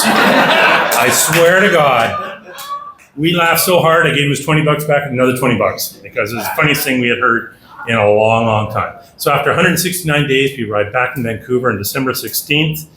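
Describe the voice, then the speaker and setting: A middle-aged man from Canada giving a talk at a dinner, telling lively anecdotes and acting out the dialogue. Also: medium pitch, fast, slight background noise. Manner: anecdotal, animated, acts out dialogue. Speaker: guest speaker. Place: dinner hall. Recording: echoey room with faint ambience.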